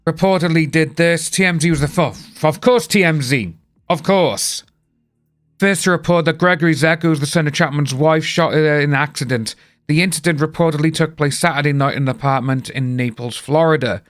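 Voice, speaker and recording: This young British man from the United Kingdom has a fairly high-pitched voice and talks briskly. He's chatting casually on a live stream, rambling along and greeting viewers by name in British English.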